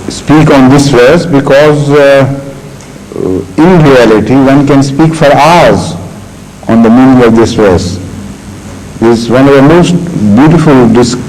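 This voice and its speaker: A man answering audience questions in a session, speaking deliberately with frequent pauses and restarts. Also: medium pitch, a little mellow, a little hiss or hum, low-quality recording. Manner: deliberate, halting, with many fillers and restarts. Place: hall in England.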